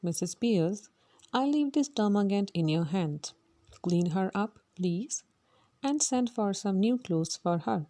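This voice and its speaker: A woman reading the part of an arrogant male phonetics professor, brisk and dismissive, in a read-aloud play. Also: medium pitch, animated, warm tone. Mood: lordly.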